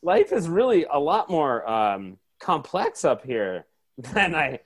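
A man co-hosting a comedy podcast, talking in a slow, hesitant way. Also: on the high side, big pitch swings. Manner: slow, hesitant, drawn-out delivery. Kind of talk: joking podcast banter.

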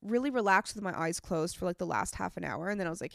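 A woman's voice: on the low side, fast, gravelly, no echo, studio quality. A young woman with a congested voice, telling stories in casual podcast chat as co-host. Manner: chatty, rambling storytelling.

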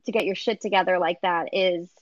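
A woman's voice: on the low side, steady tone, brisk, no room sound. Chatty woman on a dull live stream. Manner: chatty, swears casually, laughs often. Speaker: podcast guest. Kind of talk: casual chat.

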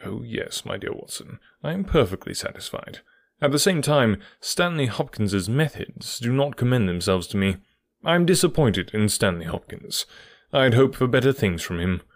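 A man doing a crisp, self-assured detective. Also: medium pitch, lively intonation, moderate pace, no echo, clean studio sound, lightly acted. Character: confident, brisk Victorian detective. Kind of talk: audiobook dialogue reading.

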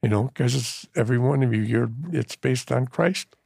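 A man's voice: mid-range voice, gravelly, dark tone, dry recording, studio quality. An older man, a guest on his daughter's podcast, talking in an earnest, folksy way. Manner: earnest, folksy, talks in quick bursts. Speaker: podcast guest, the host's father. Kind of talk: casual chat.

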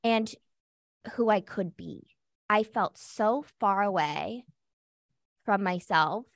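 A woman's voice: medium pitch, slow pace, vocal fry, no room sound, studio quality. A woman guest on a podcast, candidly and heartfelt telling her own story with lots of casual fillers.

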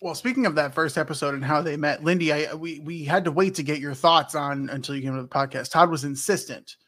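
A man hosting a podcast, chatting casually in an animated, teasing way. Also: on the high side, quick pace. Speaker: podcast host. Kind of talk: casual chat.

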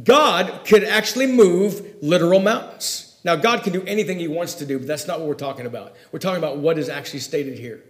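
A man preaching a sermon in a folksy way, swinging between loud emphasis and hushed asides. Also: on the high side, brisk, few pauses, echoey room.

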